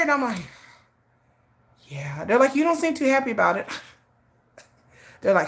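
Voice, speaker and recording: A middle-aged woman hosting a livestream, telling a story in blunt, laughing, animated casual chat. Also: mid-range voice, fast. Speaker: livestream host.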